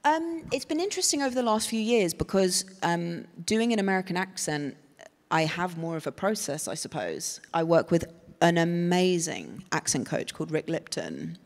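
Gravelly English woman in a hall. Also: fairly low pitch, sing-song, moderate pace. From England. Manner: thoughtful, rambling, with many fillers and restarts. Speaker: guest actress. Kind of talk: live panel conversation. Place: stage at a festival panel. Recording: reverberant hall from a live event.

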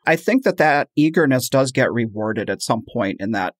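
A man co-hosting a podcast in casual chat, chatty and animated when quoting others. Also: medium pitch, normal speed, no room sound, clean studio sound. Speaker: podcast co-host.

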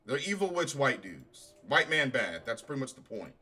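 A man's voice: mid-range voice, big pitch swings, normal speed, sharp tone, breathy edge. A man giving a casual reaction review of a show, profane, sarcastic and exasperated. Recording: faint music behind.

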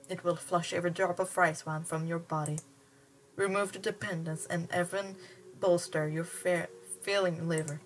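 A woman's voice: lowish voice, slight background noise, lightly acted. A woman reading the lines of a cold, calculating boy mastermind in a clipped, condescending way.

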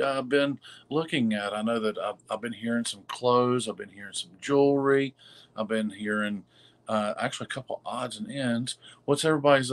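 A man co-hosting a live sales stream in a casual, halting way, full of fillers, greeting viewers by name. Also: medium pitch, fairly bright tone. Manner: halting, many fillers and restarts. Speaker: livestream co-host reading viewer comments.

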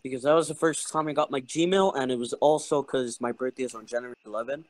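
A man's voice: medium pitch, quick pace, dry recording. A young man co-hosting a casual group podcast over a voice call, blunt and joking, often stammering as he restarts. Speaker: podcast co-host.

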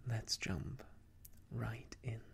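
A man reading a children's story aloud as an ASMR storyteller, in a soft, halting whisper. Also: on the low side, fairly even intonation, slight background noise. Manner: soft, halting, breathy phrasing.

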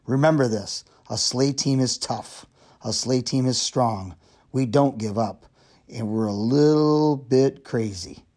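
A man's voice: mid-range voice, slow, a little mellow. A man voicing a plucky young pig heroine. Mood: rallying. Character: determined young female pig leading a sled team.

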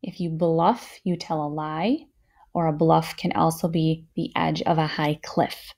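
A woman teaching a phonics lesson to young children, sounding words out slowly and patiently with steady encouragement. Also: low-pitched.

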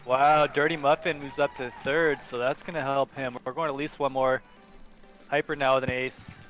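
Excited man calling a drone race. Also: mid-range voice, faint music behind. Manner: excited, quick play-by-play. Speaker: race commentator. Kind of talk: live race commentary.

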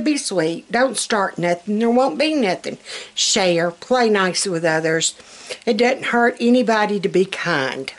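A woman's voice: mid-range voice, lively intonation, slow pace. A woman with a Southern US accent hosting a casual cooking vlog from her home kitchen, talking in a chatty, folksy way and laughing often. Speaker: cooking channel host. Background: faint frying sizzle.

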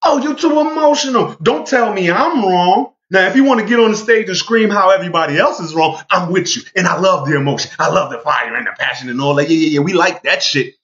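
A man's voice: high-pitched, brisk, few pauses, fairly bright tone, lo-fi sound. A man delivering a heated, profane monologue rant, emphatic and repeating himself to drive points home. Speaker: vlogger.

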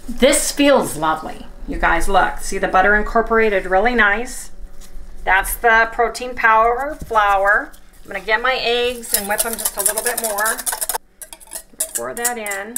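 A woman hosting a casual home cooking demonstration in her kitchen, chatting to viewers as she works and repeatedly saying how excited she is. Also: on the high side, a little slow, slight background noise. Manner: chatty, talks straight to viewers as "you guys". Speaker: home cook and channel host.

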